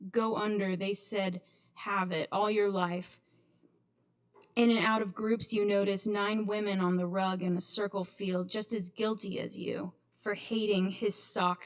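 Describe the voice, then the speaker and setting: A woman reciting her poetry at an open mic, in a slow, measured delivery. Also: medium pitch. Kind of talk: poetry reading. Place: kava bar open mic.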